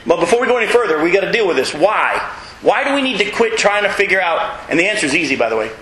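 A man preaching a sermon in a folksy, emphatic way, with self-mocking humor and sudden high leaps in pitch to stress his points. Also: sing-song, fast talker, fairly bright tone, roomy sound, a little hiss or hum, low-quality recording. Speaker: pastor.

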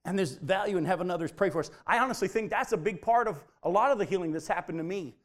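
A man preaching a sermon, animated and emphatic, often stressing his points by repeating them. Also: high-pitched, fast talker. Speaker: pastor.

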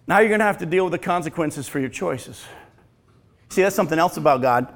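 A male pastor preaching a sermon, swinging from loud emphatic lines to hushed, slow, drawn-out phrases. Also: fairly high pitch, expressive.

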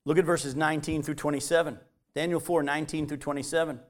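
A man preaching a sermon, shifting between loud emphatic high points and quiet low asides as he reads and explains scripture. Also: steady tone, quick pace. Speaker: pastor.

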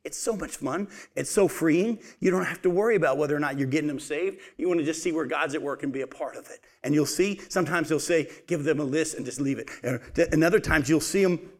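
A man's voice: on the high side, fast talker, few pauses. A man preaching a sermon, asking his listeners questions and then answering them himself, and calling them folks.

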